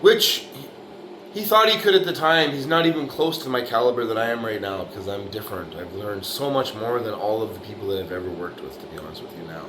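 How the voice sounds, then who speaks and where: A man's voice: fairly low pitch, fairly quick, background noise. A middle-aged man who lays bricks, giving a rambling, tough-talking motivational monologue full of swearing and "you know, right?". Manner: profane, blunt, tough-talking. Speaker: bricklayer vlogger.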